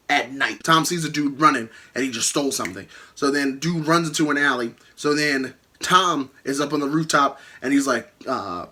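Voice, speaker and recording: A young man hosting a casual video, animatedly spinning out a movie idea and acting out the scenes. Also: a little high. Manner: animated storytelling, acts out scenes. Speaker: YouTube host. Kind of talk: casual movie-fan chat.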